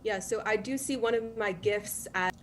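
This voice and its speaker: A woman calling in to an advice show, speaking in a soothing, hesitant, measured way. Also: mid-range voice. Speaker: caller. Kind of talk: call-in conversation.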